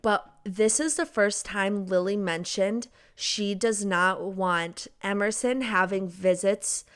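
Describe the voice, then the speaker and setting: A woman's voice: mid-range voice, fairly even intonation, slow, fairly bright tone, clean tone. A young woman co-hosting a podcast and chatting casually about a novel, full of "like" and "literally". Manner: chatty, says "like" and "literally" often. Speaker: podcast co-host. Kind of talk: casual book chat.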